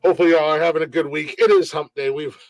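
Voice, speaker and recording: Joking podcast host, dry close mic. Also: male voice, fairly high pitch, very fast, no room sound, poor audio. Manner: relaxed, joking, rambling with fillers. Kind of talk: casual podcast chat.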